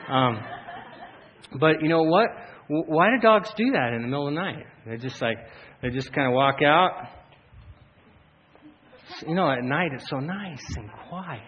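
A man preaching a sermon as pastor, telling stories animatedly with frequent laughs and loud shouted bursts. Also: mid-range voice. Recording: dull lo-fi sound, faint room ambience.

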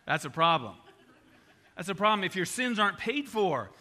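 Bright, animated older male preacher. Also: high voice, moderate pace. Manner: conversational and animated, with anecdotes. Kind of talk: evangelistic sermon.

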